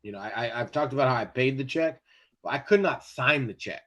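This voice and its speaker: A man co-hosting a sports podcast, telling a story in casual chat, animated and profane, often laughing as he goes. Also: medium pitch, fairly quick. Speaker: podcast co-host.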